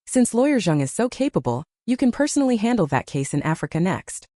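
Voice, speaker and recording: A man's voice: high voice, big pitch swings, fast, mellow, dry recording, studio quality. A woman reading the lines of a stern, cold wealthy father in a storybook, speaking curtly. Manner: cold and curt.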